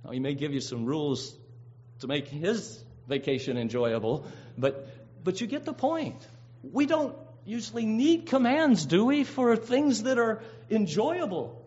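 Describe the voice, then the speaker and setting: A man's voice: high voice, animated, a little slow, darkish tone. A man preaching a sermon, earnest and emphatic, drawing out key words and often restarting his phrases. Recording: dull lo-fi recording.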